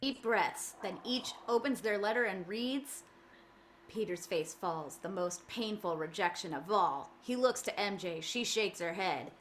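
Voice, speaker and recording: A woman narrating the action description in a fan table read of a film script, reading briskly and matter-of-factly. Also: mid-range voice, animated, a bit bright, a little hiss or hum.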